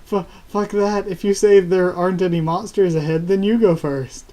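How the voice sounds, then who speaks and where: A man's voice: high-pitched, steady tone, normal speed, dark tone, pitched above the performer's own voice, close to an everyday voice. A man reading as a flustered timid youth. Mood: protesting.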